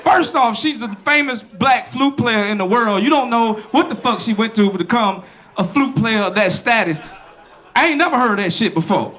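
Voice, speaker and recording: A man performing a loud, crude stand-up comedy set on a club stage, animated and silly, with a laughing crowd behind him. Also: extremely high pitch, moderate pace. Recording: live club with crowd noise.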